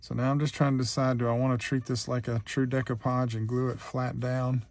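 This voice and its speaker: A man's voice: medium pitch, little pitch movement, fairly quick. A man hosting a real-time craft tutorial, chatting easygoing as he thinks aloud through each step.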